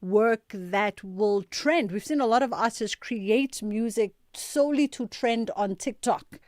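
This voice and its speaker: Animated woman radio host, dry studio. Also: mid-range voice, unhurried, dry recording. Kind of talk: radio talk show discussion.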